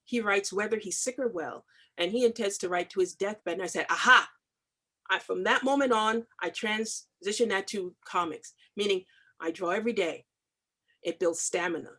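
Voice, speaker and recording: A middle-aged woman speaks with fierce, driving emphasis. She hammers home her points through repetition, pitched at an ordinary middle height for her, as a guest in an interview. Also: normal speed, a bit bright. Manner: emphatic, impassioned, repetitive for stress. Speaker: comics artist guest. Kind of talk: video call interview.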